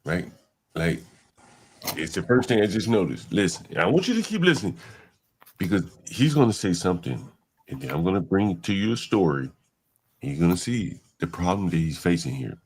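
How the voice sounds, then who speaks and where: A man's voice: deep voice, moderate pace, slightly rough. Guy hosting a stream, blunt and slangy, voice jumps all over the place. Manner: animated, blunt, slangy, talks back at clips. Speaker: livestream host. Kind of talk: casual reaction commentary.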